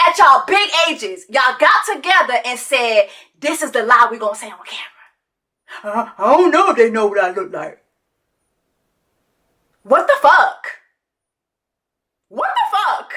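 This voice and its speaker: High bright sassy woman ranting. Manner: sassy, profane, mocking with sung quacking bits. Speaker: commentary host. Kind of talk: reality TV reaction commentary.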